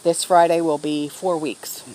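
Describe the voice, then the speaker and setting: A woman's voice: sits low, little pitch movement, measured pace, warm tone, slight background noise, rough recording. A middle-aged woman talking casually in a rambling, heartfelt way, with lots of fillers, in a backyard garden video. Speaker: garden vlogger. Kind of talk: casual vlog talk.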